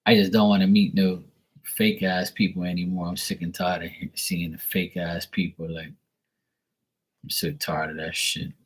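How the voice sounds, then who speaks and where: A man's voice: low-pitched, flat delivery, moderate pace, husky. A man giving live tarot readings, talking bluntly and profanely in a casual monologue, acting out others in mocking voices.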